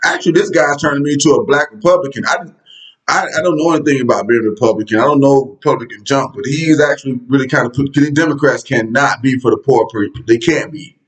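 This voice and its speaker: Talking at a quick pace in a medium-pitched voice, a man delivers a casual political rant to his viewers. He's a commentary vlogger, conversational and direct, and his tone is blunt, sarcastic and profane. The recording is low quality.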